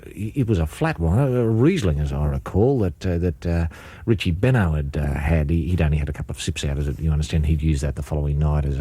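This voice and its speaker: A middle-aged man tells a comic story in a halting, rambling, deadpan way. His voice sits very low and sounds husky and mellow. The recording is dry and close. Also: no echo. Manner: rambling, halting, full of restarts. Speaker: comedy radio host.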